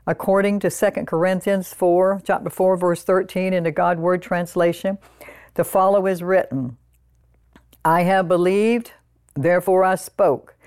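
Low-voiced woman preaching a conversational sermon. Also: steady tone, a little mellow, clear, resonant tone, no room sound, studio quality. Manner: conversational, with frequent "you know" asides; slows down to read scripture aloud.

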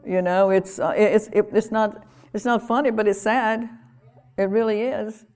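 A woman preaching a sermon in an earnest, conversational way, repeating phrases and laughing softly now and then. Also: medium pitch, fairly even intonation, moderate pace.

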